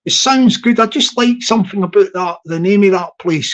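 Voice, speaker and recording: A man's voice: sits high, moderate pace, few pauses. A middle-aged man chatting casually to his viewers in a playful, self-amused way, drawing out place names and laughing often. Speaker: YouTube streamer chatting with viewers. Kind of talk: casual rambling chat.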